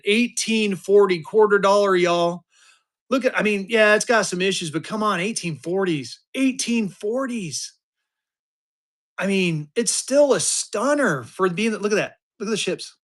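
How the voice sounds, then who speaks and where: A man in his fifties running a live-stream auction, talking fast and joking through his patter. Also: high-pitched. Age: 50s. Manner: energetic, joking, drawling "y'all" asides.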